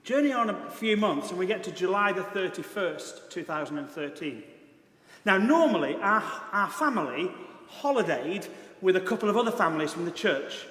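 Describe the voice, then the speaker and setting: A man's voice: sits high, lively intonation, moderate pace, a bit bright. A British man preaching a sermon as pastor, telling a story in an earnest, emphatic way. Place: large church hall. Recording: echoey church hall.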